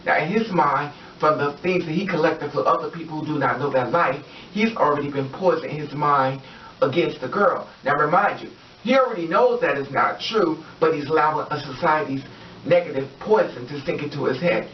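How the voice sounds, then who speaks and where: Rambling storyteller, echoey and distant. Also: male voice, on the high side, fairly quick, a little hiss or hum. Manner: rambling, repetitive, with many fillers and acted-out quotes. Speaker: vlogger. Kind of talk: casual storytime monologue. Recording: distant, roomy, dull lo-fi sound.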